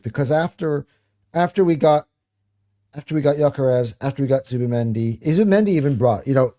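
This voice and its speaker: A man hosting a football fan reaction show, chatting casually and excitedly, swearing freely and restarting his sentences as he rambles. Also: medium pitch. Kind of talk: casual chat.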